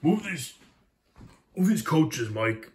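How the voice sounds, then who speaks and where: A man's voice: on the high side, very animated, takes it slowly, very noisy, voice pushed up. A man voicing a big, pompous male steam engine with a lofty, exclaiming manner.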